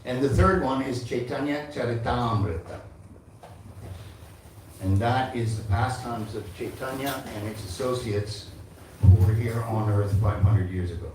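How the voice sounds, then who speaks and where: A man's voice: medium pitch, a little slow, noisy background. A man in his seventies giving a devotional class, reciting verses and speaking to the audience. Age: 70s. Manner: recites Sanskrit verses and teaches with asides to the audience. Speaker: temple speaker. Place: large echoey temple hall. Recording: echoey hall from far off.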